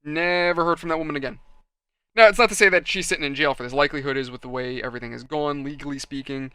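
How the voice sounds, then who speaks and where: Bright, crisp-voiced man rambling casually. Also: on the high side, fast, no room sound. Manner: chatty, animated, acts out quoted people. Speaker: model kit building vlogger. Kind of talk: casual rambling storytelling while building.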